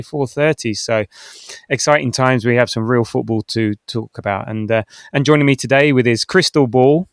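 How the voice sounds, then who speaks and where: Chatty male podcast host, smooth dry voice. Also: mid-range voice, no room sound. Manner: chatty, rambling with frequent restarts and laughs. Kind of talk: casual football podcast chat.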